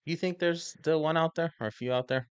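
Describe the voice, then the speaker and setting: A man's voice: a little high, brisk, clean tone, no room sound. A man co-hosting a podcast in casual chat, laid-back, swearing and laughing often. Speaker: podcast co-host.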